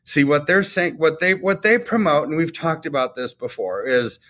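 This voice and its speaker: A man's voice: on the high side, moderate pace, sharp tone. A man co-hosting a talk show, explaining economics casually and checking in with frequent rhetorical questions. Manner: conversational, explains with rhetorical "right?" tags. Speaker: podcast co-host.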